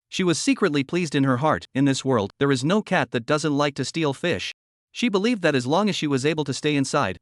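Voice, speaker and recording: A man narrating a comic recap in a flat, hurried storytelling manner on a close mic. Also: a little high, no echo.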